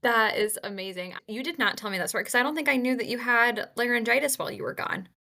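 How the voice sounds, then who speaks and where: Bright, giggly woman co-host. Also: on the high side. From United States. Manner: giggly, apologetic, quick reactions. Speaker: podcast co-host. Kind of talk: casual chat.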